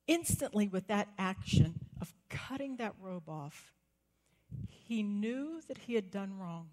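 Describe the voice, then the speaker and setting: A woman with a mid-range voice preaches a sermon in a church sanctuary, telling stories and acting out quotes with rising excitement. The long reverb of the church hall fills the recording.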